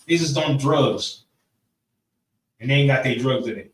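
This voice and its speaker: A man's voice: medium pitch, unhurried. A man leading a group lesson in a preaching style, talking casually, repeating phrases and asking the room for agreement. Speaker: class leader. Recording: echoey room, mic far off, faint noise.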